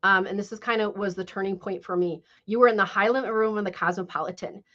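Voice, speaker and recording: A woman's voice: mid-range voice, steady tone, fast talker, fairly bright tone. Chatty woman hosting a live stream. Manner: chatty, hesitant, many fillers. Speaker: livestream host. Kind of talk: casual live chat. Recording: muffled lo-fi stream audio.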